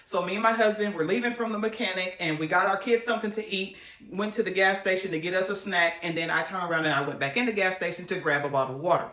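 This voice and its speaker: A woman's voice: fairly low pitch, quick pace, hardly any pauses, fairly bright tone, reverberant. A woman telling a heartfelt personal faith testimony to her viewers and ending in prayer. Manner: earnest, heartfelt storytelling with a closing prayer. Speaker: faith-based autism parent coach.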